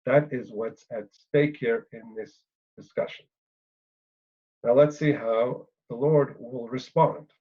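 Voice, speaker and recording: A man explaining scripture at a mid-range pitch, working his thoughts out aloud with frequent pauses and fillers. He leans on little "right?" tags to keep his listeners with him. The sound is dull and lo-fi, like an older lecture recording. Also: fairly even intonation, slightly rough. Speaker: Bible lecturer.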